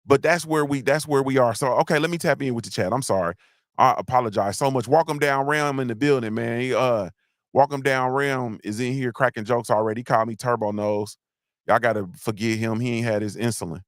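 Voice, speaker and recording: A middle-aged man hosts a livestream, chatting loosely in slang and calling out viewers from the chat. His voice sits at an ordinary pitch. The sound is dry and close, with no room around it. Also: brisk, dry recording. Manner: slangy, rambling, shouts out chat names. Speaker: livestream host.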